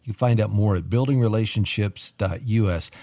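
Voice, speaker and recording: Measured male radio co-host. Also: fairly low pitch, warm tone, dry recording. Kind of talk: radio interview.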